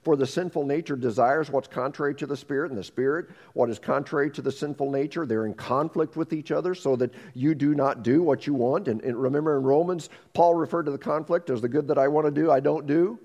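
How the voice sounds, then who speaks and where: Man, pastor, sermon, animated delivery, acts out inner voices, repeats words, raised pitch. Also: fairly quick, hardly any pauses.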